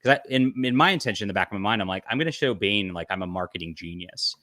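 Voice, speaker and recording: Low-voiced man telling a story, dry sound. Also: quick pace, no echo. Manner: animated, laughs often while telling stories. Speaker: podcast host. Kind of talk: casual storytelling chat.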